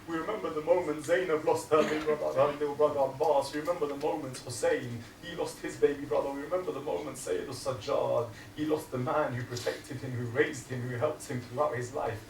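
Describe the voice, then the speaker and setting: A man giving a religious sermon at a mourning gathering, moving from quiet, low delivery to loud, impassioned retelling. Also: steady tone, fairly quick, hardly any pauses, a little hiss or hum. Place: hall of a gathering. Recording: echoey hall, mic at a distance, faint ambience.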